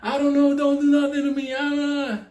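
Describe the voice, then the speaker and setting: A man voicing a terrified captive man who pleads frantically in a high, strained voice. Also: little pitch movement, brisk, darkish tone, roomy sound. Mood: panicked pleading.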